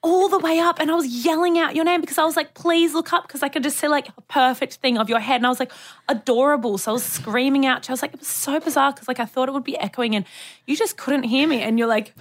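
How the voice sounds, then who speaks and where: A woman's voice: sits high, fairly even intonation, fast talker. A young woman co-hosting a podcast, chatting casually, laughing often and swearing freely. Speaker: podcast co-host. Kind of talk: casual chat.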